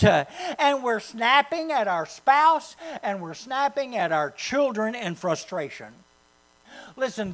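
A pastor preaching a sermon, swinging from loud, rising calls to hushed, low asides, with mains hum behind. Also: male voice, poor audio.

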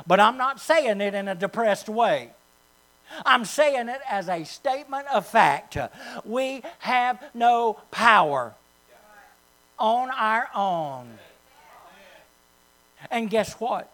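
A pastor preaching a sermon, swinging from loud, rising calls to hushed, low asides, with mains hum behind. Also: male voice, low-quality recording.

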